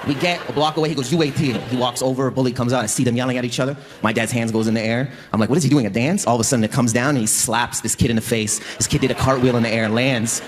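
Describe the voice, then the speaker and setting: A man's voice: mid-range voice, fairly even intonation, in a large hall, crowd noise. A man doing stand-up, telling anecdotes on a comedy club stage. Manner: quick anecdotal storytelling. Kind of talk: stand-up storytelling. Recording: live stage recording with room noise.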